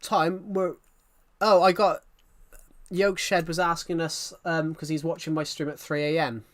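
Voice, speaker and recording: A British man with a fairly high voice talks casually with his stream viewers. He pushes his voice louder and brighter than his usual way of speaking, and he rambles and apologizes often as he reads and answers the chat. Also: little pitch movement. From United Kingdom. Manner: puts on a louder, happier voice for the stream; rambling, chatty, quick to apologize. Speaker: live streamer.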